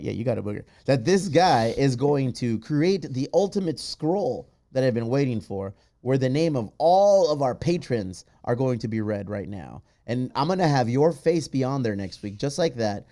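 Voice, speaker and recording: A man hosting a podcast in casual chat, reading out patron names in a loud, playful way with plenty of swearing. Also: medium pitch, expressive, moderate pace. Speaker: podcast host.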